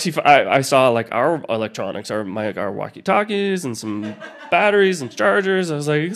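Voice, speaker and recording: A man's voice: fairly high pitch, sing-song, measured pace. A man telling a personal story live, rambling and self-deprecating, with many restarts and asides.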